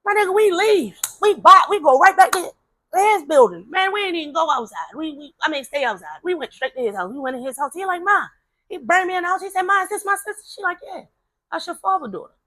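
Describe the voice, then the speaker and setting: A woman telling a personal story in a casual, animated way, acting out the voices of the people she quotes. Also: very high voice, fast, no room sound.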